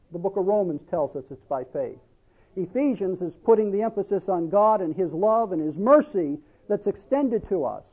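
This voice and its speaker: A man's voice: high-pitched, highs cut off. A male pastor preaching a sermon, asking the congregation questions and drawing out scripture quotes for emphasis.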